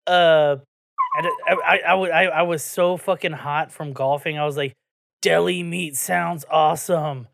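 A man's voice: a little high, steady tone, normal speed, a bit bright, no room sound, clean studio sound. Swearing joking man. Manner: swears a lot, loose and joking. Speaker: podcast host. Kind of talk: casual podcast banter.

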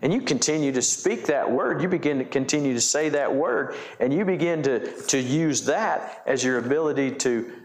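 Preaching man in an echoey church. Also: medium pitch. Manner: repeats and restarts phrases, asks the congregation questions. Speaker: pastor. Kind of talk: sermon.

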